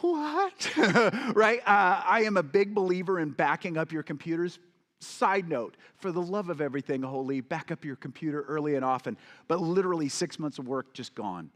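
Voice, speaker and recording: A man's voice: fairly high pitch, a little fast, fairly bright tone. A man giving a motivational keynote talk, telling a personal story to the audience and acting out the voices of the people in it. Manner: storytelling, acts out quoted voices, addresses audience. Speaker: keynote speaker and coach. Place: large event hall with audience. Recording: long reverb of a large hall.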